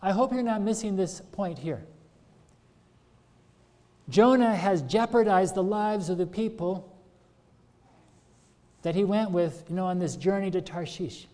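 High-voiced preacher in a reverberant hall. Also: male voice, animated, a little slow, pauses often, warm tone. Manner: earnest, questioning the congregation. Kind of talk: sermon.

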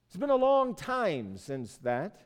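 Older male preacher from Newfoundland, earnest storyteller, slightly raised pitch, building force. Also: wildly swooping pitch, takes it slowly, clear, resonant tone, big-room sound. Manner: earnest, storytelling, voices the Bible figures with rising force. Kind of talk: sermon.

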